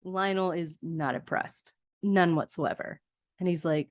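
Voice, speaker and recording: A woman hosting a podcast who recaps a movie in a gushing, chatty and animated way. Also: lowish voice, normal speed, dry recording, studio quality. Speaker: podcast host.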